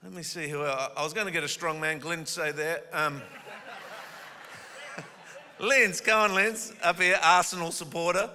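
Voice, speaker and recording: A man preaches from the front of a church, his high, piercing voice cutting through a long, ringing hall reverb. He jokes with people he calls up, then leans into scripture with forceful, emphatic punches on key words. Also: unhurried, pauses often. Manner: calls the congregation up and has them repeat words. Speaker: guest pastor. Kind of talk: energetic sermon. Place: church auditorium.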